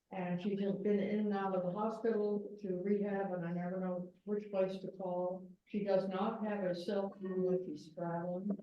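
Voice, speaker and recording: A woman at a group meeting giving a matter-of-fact update on a member. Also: lowish voice. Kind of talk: casual meeting report. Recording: distant, echoey, muffled, hissy room mic.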